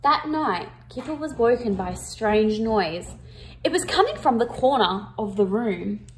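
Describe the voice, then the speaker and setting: A woman reads a children's picture book aloud, with a high, sing-song voice that swoops widely. She takes her time and stops to ask the children questions, stressing words with expression. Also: measured pace, a little hiss or hum. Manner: interactive, asks the listeners questions; expressive, emphatic. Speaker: storyteller reading to children.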